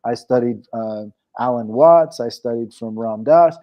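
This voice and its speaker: A mid-range male voice at a measured pace belongs to an interview guest, a coach and program founder, who tells a story in casual conversation, rambling and restarting often. The recording sounds muffled.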